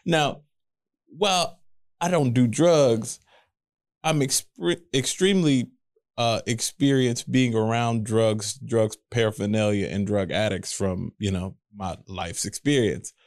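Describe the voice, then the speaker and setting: Man, co-host, middle pitch, jokey and emphatic, dry close recording. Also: slow, no echo. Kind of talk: casual storytelling chat.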